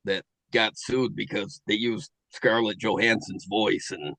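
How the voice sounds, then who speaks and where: A middle-aged man hosting a relaxed podcast chat, musing aloud and restarting his sentences as he goes. His voice sounds dry and close to the mic, with no room around it. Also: lowish voice, gravelly, no room sound, low-quality recording. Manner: musing, halting, with many fillers and restarts. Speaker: podcast host. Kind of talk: casual chat.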